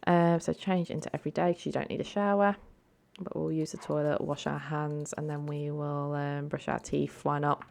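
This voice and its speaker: A woman's voice: deep voice, little pitch movement, normal speed, creaky, darkish tone. A woman hosting a let's play, giving casual, chatty game commentary and talking to her viewers. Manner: chatty, many ums and asides to viewers.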